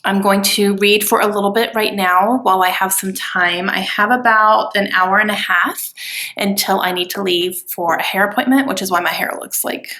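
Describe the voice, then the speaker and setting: A woman vlogging about a new book at home, gushing and bubbling over with excitement. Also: mid-range voice, normal speed. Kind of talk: excited casual vlog. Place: home couch.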